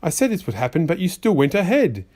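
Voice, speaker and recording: A fussy, exasperated white rabbit from a rhyming storybook, put on by a man. He scolds in a sing-song way, his slightly high voice swooping up and down with lively pitch. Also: quick pace.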